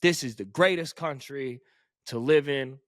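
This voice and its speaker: A man's voice: medium pitch, measured pace, a bit bright, dry recording, studio quality. An American man co-hosting a podcast, ranting emphatically and swearing in opinionated casual chat. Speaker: podcast co-host. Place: podcast studio.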